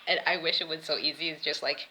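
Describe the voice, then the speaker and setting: A woman's voice: low voice, fairly even intonation, fast, sharp tone, low-quality recording. A woman chatting casually as she walks through her house, rambling and laughing often. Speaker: vlogger. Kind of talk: casual home tour vlog. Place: house, indoors.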